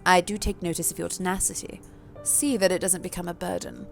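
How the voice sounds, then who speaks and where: A woman voicing a commanding female vampire ruler, speaking in a slow, measured, regal way. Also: lowish voice, steady tone, creaky, music in the background. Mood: stern.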